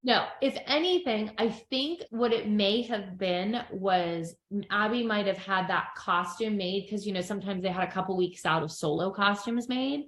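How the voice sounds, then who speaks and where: A middle-aged woman recaps a TV episode on her podcast, chatty and storytelling. Her voice sits at a middle pitch. The room around her is echoey. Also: moderate pace, hardly any pauses. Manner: chatty storyteller, acts out quotes with animated voices. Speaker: podcast co-host. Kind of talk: casual chat recapping a TV episode.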